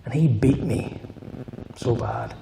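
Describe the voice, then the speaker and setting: A man's voice: mid-range voice, slow, gravelly, background noise. A middle-aged man with a Northern Irish accent giving his personal testimony in church, telling his story in an earnest, emphatic way and repeating his key phrases. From Northern Ireland. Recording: roomy hall with faint guitar.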